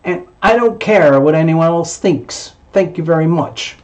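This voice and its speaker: A man's voice: on the high side, measured pace, noisy background. Emphatic man giving a tarot reading. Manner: emphatic and repetitive, voicing the listener's thoughts. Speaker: tarot reader.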